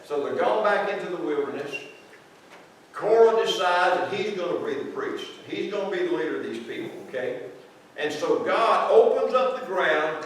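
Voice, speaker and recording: In a large, echoey church sanctuary, a man with a slightly high voice preaches a conversational, folksy sermon and asks his congregation questions. The recording is very echoey and taken from afar on a distant mic, with faint noise.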